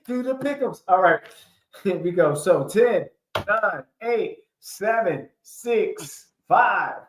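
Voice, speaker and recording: A man's voice: high-pitched, expressive, slow pace. A man hosting a casual livestream sports chat, talking in a playful, laughing way as he hypes up the picks. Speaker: host. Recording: echoey room.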